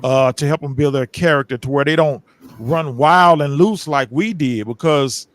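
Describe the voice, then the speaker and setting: Man, higher-pitched voice, plain-spoken and reflective, relaxed chat. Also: moderate pace, no echo. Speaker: podcast guest. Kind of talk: casual chat.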